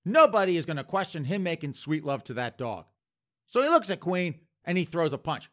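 Animated, bright-voiced male storyteller. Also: on the high side, a little fast. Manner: punchy, addresses the audience as folks. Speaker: comedian. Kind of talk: comedic storytelling.

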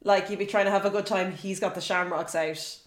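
A woman's voice: medium pitch, steady tone, a little fast. A woman co-hosting a podcast, chatting casually, teasing the others and asking questions, often laughing. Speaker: podcast co-host. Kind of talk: casual chat.

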